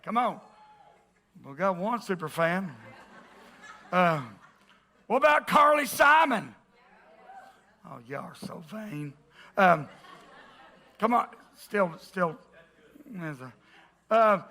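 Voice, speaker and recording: A pastor preaches in a church with a very high, bright voice and a gravelly rasp at the edges. He teases his congregation and then bursts into emphatic shouting. It is a man's voice, delivering a full sermon. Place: church sanctuary.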